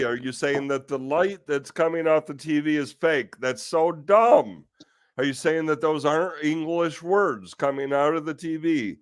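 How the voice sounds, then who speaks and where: A man with a fairly high voice hosts a casual talk stream, recorded without echo. He rants in exasperation, firing off rhetorical questions and the occasional curse.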